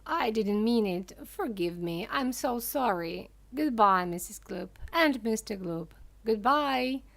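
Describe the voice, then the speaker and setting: A woman's voice: on the high side, animated, slow, vocal fry, a bit bright, exaggerated voice. A woman voicing a playful, giggling eccentric man who makes candy, teasing and exclamatory.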